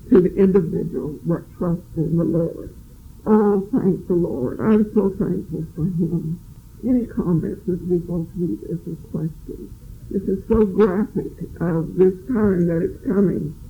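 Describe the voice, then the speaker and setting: A man's voice: high-pitched, slight background noise. A man teaching a Bible study, earnestly reading scripture aloud with emphasis and explaining it to his class. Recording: tinny phone-like line.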